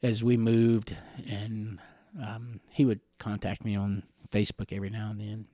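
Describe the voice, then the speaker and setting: A middle-aged man from the Catawba Nation telling personal stories in an interview, rambling gently with chuckles and fillers. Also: lowish voice, completely flat delivery, normal speed, no room sound. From Catawba Nation, Carolinas, USA.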